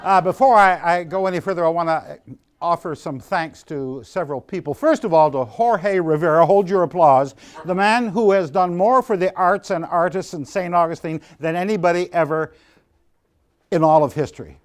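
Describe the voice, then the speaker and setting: A man's voice: high voice, normal speed, clear, resonant tone. An older man hosting a stage show, telling a rambling, self-deprecating story in a packed theater and laughing at his own jokes. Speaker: guest host.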